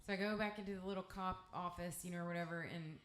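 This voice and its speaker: A woman with an East Texas accent spins a candid, salty, meandering story between songs. She talks at a slightly low pitch through a stage microphone. Her voice rings around an echoey live club room. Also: steady tone, quick pace. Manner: candid, profane, rambling storytelling. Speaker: guest singer-songwriter.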